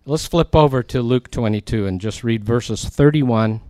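A man's voice: medium pitch, moderate pace, a little mellow, clear, resonant tone, no echo. A male pastor preaching a sermon in a conversational way, with emphatic asides as he reads and explains scripture.

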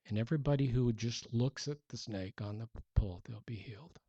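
A man voicing a quiet, solemn God. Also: medium pitch, a little fast, breathy edge, no echo, muffled recording. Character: God giving calm commands, grave and patient.

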